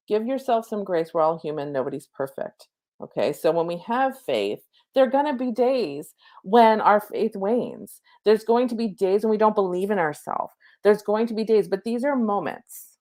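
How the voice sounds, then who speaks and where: A woman spiritual coach talking casually and reassuringly about slowing down and faith, full of chatty asides and "okay?" check-ins, at times leading a slow counted breathing meditation. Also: medium pitch, expressive, warm tone. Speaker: spiritual coach giving an oracle card reading. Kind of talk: casual spiritual guidance talk.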